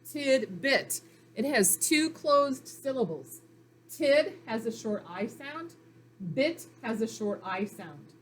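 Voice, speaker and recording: A woman's voice: fairly high pitch, sing-song, slow pace, slight background noise. A woman teaching a phonics lesson to young children, sounding out letters and syllables in a patient, encouraging way. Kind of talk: recorded reading lesson for children.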